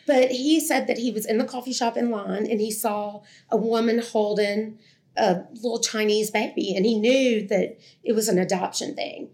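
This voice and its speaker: Chatty woman, higher voice. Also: unhurried. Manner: chatty, rambling and self-deprecating, full of "like" and restarts. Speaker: speaker sharing a personal testimony. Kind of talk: personal testimony told to an audience.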